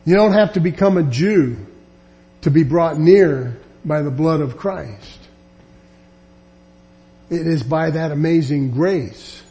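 A man's voice: fairly high pitch, slow, long pauses, warm tone. A man teaching a verse-by-verse Bible lesson, earnest and emphatic, often restarting his sentences.

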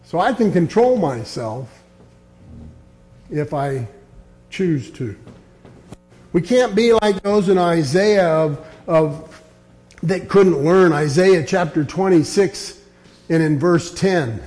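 A man preaching a sermon, reading scripture aloud and dropping low and quiet to press his points. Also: expressive, slow pace, long pauses, soft background music. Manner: earnest, quotes scripture, drops low and quiet on key points.

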